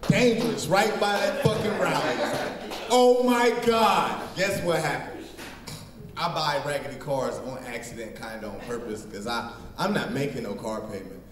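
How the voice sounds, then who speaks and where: A man from Middletown, Ohio doing open-mic stand-up in a small bar, telling profane, animated stories with shouted asides to the crowd, recorded on a phone set down near the stage. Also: mid-range voice, normal speed. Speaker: stand-up comedian. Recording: roomy bar recorded from far off, faint noise.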